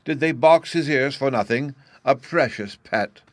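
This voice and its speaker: A man voicing a domineering, fussy noble lady with a shrill, imperious manner. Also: unhurried, no room sound, lightly acted.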